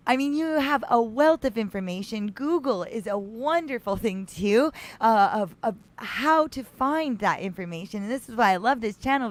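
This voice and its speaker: A woman hosting a healing livestream, talking casually and gushing over viewers by name, rambling with many restarts. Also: fairly high pitch. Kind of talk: casual live chat with viewers.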